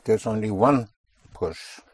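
A man's voice: fairly low pitch, takes it slowly, slightly rough. A man teaching a language lesson, patiently repeating and correcting a student's answers. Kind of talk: guiding a student through spoken drills.

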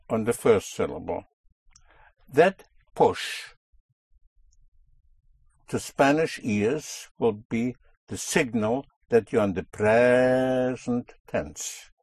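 A male language teacher talks slowly and patiently, drilling single words and checking understanding. His voice is a little husky. The recording is dry and close. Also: mid-range voice, animated, darkish tone, no room sound. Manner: slow, patient, drills words and asks "yes?". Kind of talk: spoken language lesson.

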